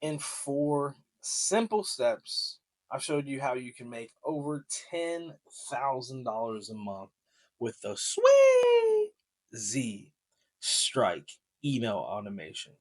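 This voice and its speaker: A man walks viewers through a tutorial at an unhurried, drawn-out pace. His voice sits at an ordinary middle pitch, and he keeps the talk loose, jokey and salesy. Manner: loose, joking, salesy, with mild swearing. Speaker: marketing tutorial host. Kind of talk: casual screen-share tutorial.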